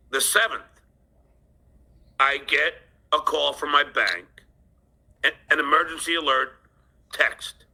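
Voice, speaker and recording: A man rambles through a grievance, stumbling and restarting, then flares into shouted swearing. His voice is bright and edgy. His pitch swoops widely as he talks slowly. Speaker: storyteller of a personal complaint. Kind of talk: angry rambling personal story.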